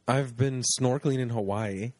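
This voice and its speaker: A man's voice: medium pitch, normal speed, a little mellow, dry recording. A man in a joking casual chat who laughs often and keeps trying silly voices.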